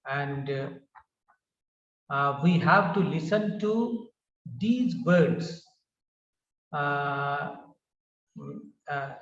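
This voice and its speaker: A man giving a pronunciation lecture, slowly saying each example word and repeating it for his learners. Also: fairly high pitch, lively intonation, reverberant, far from the mic, dull audio. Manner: slow, repeats words for learners. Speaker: teacher.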